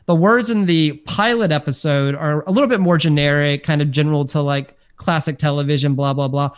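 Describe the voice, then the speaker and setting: A man co-hosts a podcast in easygoing chat. His voice sits a touch above the usual male range. He talks in quick bursts and often stops to fix his own wording. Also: on the high side, smooth. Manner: talks fast in bursts, stops to correct himself. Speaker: podcast co-host. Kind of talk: casual chat.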